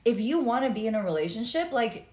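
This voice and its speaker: A woman's voice: a little high, very animated, fast talker, a little mellow, reverberant. A woman co-hosting a podcast, frankly and animatedly telling a personal dating story in casual chat. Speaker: podcast co-host.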